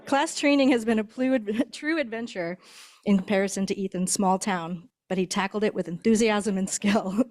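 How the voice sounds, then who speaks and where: A woman's voice: medium pitch, normal speed, a little mellow. A woman who trains guide dogs, introducing graduates at a ceremony in a chatty way, laughing now and then. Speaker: guide dog instructor. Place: indoor ceremony hall.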